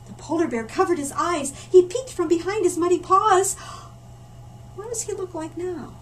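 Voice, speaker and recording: A woman storyteller reading a picture book aloud to children in a library, animated and stopping for asides to her listeners. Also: very high-pitched, moderate pace. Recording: distant mic with faint room noise.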